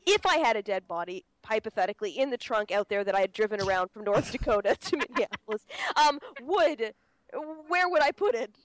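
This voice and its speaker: A woman's voice: on the high side, brisk, no room sound. A woman co-hosting a casual true-crime podcast, rambling and swearing freely. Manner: animated, swearing, rambling with restarts. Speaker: podcast co-host.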